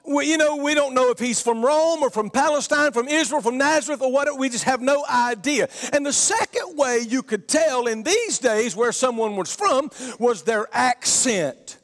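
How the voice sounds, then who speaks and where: A middle-aged man with a Southern Georgia accent preaching a sermon emphatically, his voice rising to shouts on key points. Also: extremely high pitch, moderate pace, few pauses. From Georgia, USA. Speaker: pastor. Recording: long reverb of a large hall.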